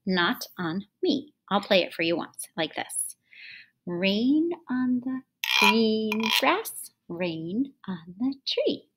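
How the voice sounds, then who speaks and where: A woman's voice: mid-range voice, fairly bright tone. Encouraging woman music teacher. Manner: patient, encouraging, slows right down for chanted lines. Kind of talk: online classroom lesson for children.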